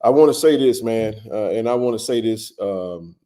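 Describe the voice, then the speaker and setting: A man hosting a casual live stream, greeting viewers by name with a relaxed, filler-heavy way of talking. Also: lowish voice, moderate pace.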